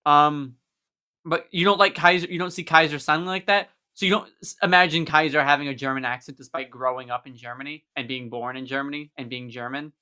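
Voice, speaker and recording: Bright-voiced man hosting an eager chat. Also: a little high, fairly even intonation, brisk, smooth. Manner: eager, talkative, explains at length. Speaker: host. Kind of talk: casual live stream chat.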